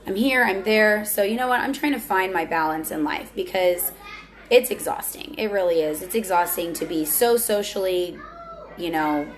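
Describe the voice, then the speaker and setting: A woman's voice: fairly low pitch, a little hiss or hum. A young woman talking candidly on her vlog, earnest and confessional, often restarting her sentences. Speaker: vlogger. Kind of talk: candid personal vlog talk.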